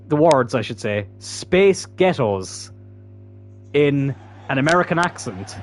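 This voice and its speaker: A man giving casual, chatty commentary while playing a football video game, swearing freely. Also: medium pitch. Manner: chatty, swearing, bursts into loud laughter. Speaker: gaming YouTuber.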